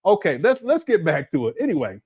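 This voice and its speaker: Loose, laughing man with a higher voice. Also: huge pitch swings, a little fast, breathy edge, lo-fi sound. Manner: loose and conversational, laughs often, many restarts. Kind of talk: casual monologue.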